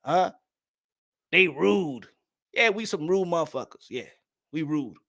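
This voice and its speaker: High-voiced profane New York man. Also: expressive, a little slow, pushed and bright. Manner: loose, swearing, laughing often. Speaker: boxing channel host. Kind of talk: casual profane monologue.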